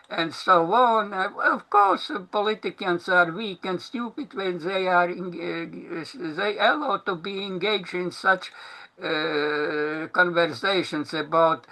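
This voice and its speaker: A man speaking English as a second language, giving a halting solo talk full of fillers and restarts. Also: sits high, gravelly, pushed and bright. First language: Latvian. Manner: hesitant, many fillers and restarts. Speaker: commentator.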